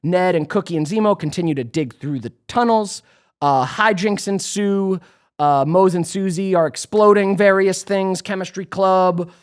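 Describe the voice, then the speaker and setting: A man with a slightly higher voice talks loosely and chattily as a podcast co-host. He recaps the episodes with plenty of fillers and laughter. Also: normal speed, smooth. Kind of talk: casual rewatch recap chat.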